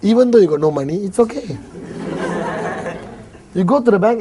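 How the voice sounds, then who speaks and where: A man's voice: high-pitched, expressive, normal speed, long pauses, mellow, a little hiss or hum. A man with a Malaysian English accent giving a motivational seminar talk to a live audience, joking, acting out little dialogues and laughing often. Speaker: motivational speaker.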